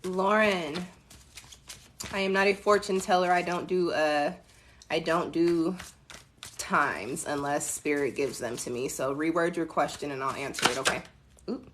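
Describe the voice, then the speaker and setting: A woman's voice: low voice, unhurried, slight background noise. Laid-back woman chatting on a live stream. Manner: relaxed, chatty, laughs at herself, addresses viewers as y'all. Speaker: tarot reader. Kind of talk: casual live-stream chat.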